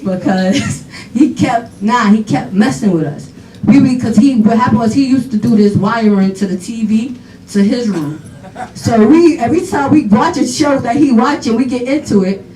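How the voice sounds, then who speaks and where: A daughter giving an animated eulogy at a funeral, telling laughing stories full of quoted dialogue. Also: female voice, a little high. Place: funeral home chapel. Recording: echoey hall, voice from far off, faint noise.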